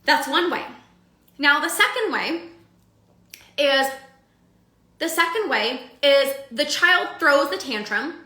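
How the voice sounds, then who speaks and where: A woman's voice: high-pitched, expressive, slow, pauses often, bright, forceful tone, echoey room. A young woman coaching her audience in a casual live-streamed talk, chatty with filler likes and everyday analogies. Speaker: binge eating coach.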